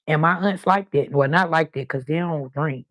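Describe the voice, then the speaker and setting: A woman's voice: low voice, normal speed, no echo. An older woman, hosting a live stream and chatting casually, telling stories full of quoted voices.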